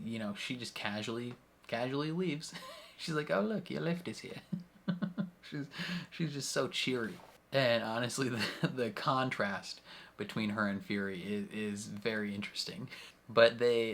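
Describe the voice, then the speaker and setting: A young man with a lowish voice talks casually through a TV episode he just watched. He retells the scenes with animated, acted-out quotes and laughs often. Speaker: reaction video host. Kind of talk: casual TV episode recap and reaction.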